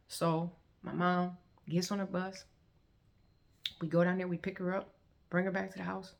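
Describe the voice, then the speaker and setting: A woman telling her life testimony straight to her viewers, earnest and heartfelt. Her voice has a gravelly, creaky edge, and she slips into the voices of the people in her story as she retells it. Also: fairly low pitch, lively intonation, fairly quick. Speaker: vlogger sharing her testimony. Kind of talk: personal testimony, conversational storytelling.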